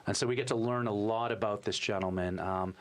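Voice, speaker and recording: A man co-hosting a podcast interview who chats warmly and prompts the guest to talk. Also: lowish voice, fairly even intonation, brisk. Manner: warm, chatty, introduces and prompts the guest. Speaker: podcast co-host.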